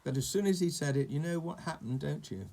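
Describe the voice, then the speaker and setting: A man's voice: fairly high pitch, expressive, brisk, warm tone, slight background noise. A man reading a children's storybook aloud, with chatty asides to a young listener about the pictures.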